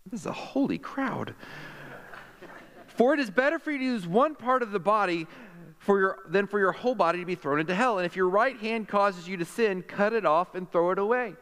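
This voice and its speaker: A man preaching a sermon in a fairly high voice, animated and quick to joke with the congregation. His voice rings with the long reverb of a church hall. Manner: animated, jokey preaching with quick asides to the crowd. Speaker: pastor.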